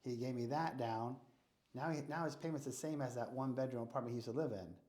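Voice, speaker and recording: A man's voice: medium pitch, fast talker. American man telling a story in a roomy space. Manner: animated storyteller acting out dialogue. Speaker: real estate investor guest. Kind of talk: casual storytelling interview. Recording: roomy echo.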